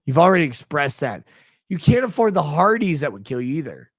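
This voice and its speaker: A man ranting scornfully on a livestream, retelling a story with mocking asides, in a husky voice. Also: a little high, very animated, a little fast, dry recording.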